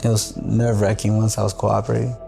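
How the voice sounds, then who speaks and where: Guy with a rough gravelly voice telling a story, cussing, acting out phone calls, music playing under him. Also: fairly low pitch, fast. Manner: profane, animated, re-enacts phone calls. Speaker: interviewee telling his story. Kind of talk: podcast interview recollection. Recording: podcast clip with music underneath.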